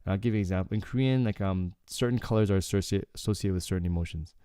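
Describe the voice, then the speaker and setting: Low-voiced man explaining Korean casually. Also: rapid-fire, smooth, no room sound, clean studio sound. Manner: relaxed, explanatory, frequent "okay" and "like". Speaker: Korean language teacher. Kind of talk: casual lyrics breakdown lesson.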